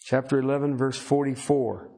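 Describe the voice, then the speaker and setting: A man's voice: little pitch movement, moderate pace, a little hiss or hum. A man preaching a sermon who rises on the scripture he reads and keeps asking his listeners questions. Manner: rises loud and high on scripture, asks the crowd questions.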